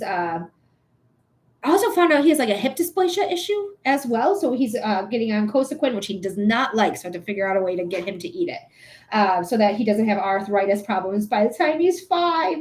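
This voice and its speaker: A woman's voice: on the high side, darkish tone. A woman in her thirties hosting a livestream, chatting casually in a goofy, rambling way and laughing often. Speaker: livestream host and reader.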